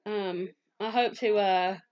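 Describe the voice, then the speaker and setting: Southern American woman, forties, quick chatty vlogger with easy laughs; mid-pitched voice, slightly muffled recording. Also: steady tone. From Southwest Virginia, US. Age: 40s. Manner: fast-talking, chatty, laughs easily. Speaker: YouTube scam-baiter answering viewer questions. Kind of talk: casual Q&A vlog.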